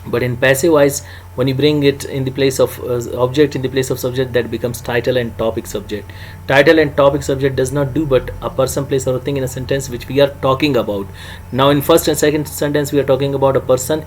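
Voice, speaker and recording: A man's voice: mid-range voice, steady tone, fast talker, slight background noise, poor audio. A man teaching an English grammar lecture, stressing his example sentences and often adding "you know" and "uh". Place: home or small room, recorded alone for video.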